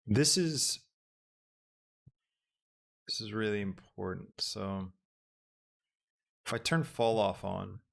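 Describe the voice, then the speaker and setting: A young man hosting a live software tutorial, thinking aloud as he works with lots of ums. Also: fairly low pitch, expressive, takes it slowly, gravelly, long pauses. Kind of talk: live-streamed casual tutorial.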